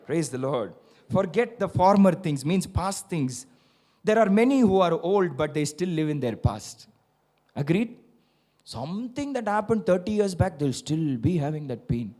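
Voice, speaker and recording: A male pastor preaching a sermon, building to loud repeated declarations. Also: a little high, very animated, normal speed. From India.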